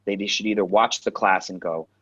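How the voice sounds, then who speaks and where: Animated New man telling stories. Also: fairly low pitch, a little fast, slightly rough, no room sound. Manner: animated storyteller, acts out quotes, swears freely. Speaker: actor and acting coach, guest. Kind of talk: casual storytelling interview. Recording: dull lo-fi sound.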